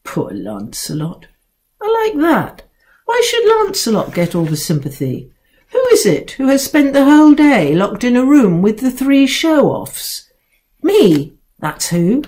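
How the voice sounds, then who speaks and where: A woman's voice: sits high, huge pitch swings, measured pace, a little mellow, pitched above the performer's own voice, full character voice. A woman voicing a grumpy, self-pitying male house cat who talks back with indignant sarcasm.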